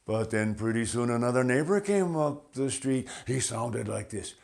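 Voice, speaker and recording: A man telling a folktale for an audience, animated and deliberate, slipping in Spanish phrases. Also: mid-range voice, gravelly. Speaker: storyteller. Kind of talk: bilingual folktale storytelling.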